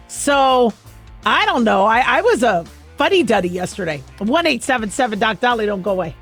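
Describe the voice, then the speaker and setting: A woman's voice: a little high, lively intonation, moderate pace, a bit bright, soft background music. A middle-aged woman radio talk show host telling a chatty, self-mocking story with frequent laughs. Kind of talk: casual monologue. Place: radio studio.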